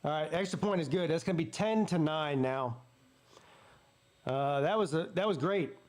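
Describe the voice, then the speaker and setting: Southern guy calling the game live, high voice, gets loud and excited on big plays. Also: normal speed. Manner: excitable play-by-play, jumps up in pitch on big plays. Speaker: sports streamer host. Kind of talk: live watch-party commentary.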